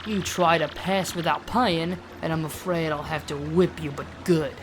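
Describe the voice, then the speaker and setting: A woman's voice: sits low, steady tone, normal speed, close to an everyday voice. A woman voicing a cocky, mocking male street thug with a tough, taunting manner, over game music.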